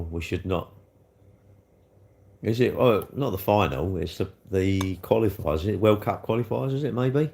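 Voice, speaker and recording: A man chatting casually with viewers on a livestream, bantering as he reads comments, his throat a little hoarse. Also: deep voice, normal speed, mellow. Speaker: livestream host.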